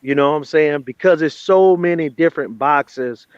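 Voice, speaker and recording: A man's voice: fairly high pitch, moderate pace, clear, resonant tone, dry recording. An easygoing man agreeing and adding his view in a casual podcast chat. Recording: dry, dull lo-fi audio.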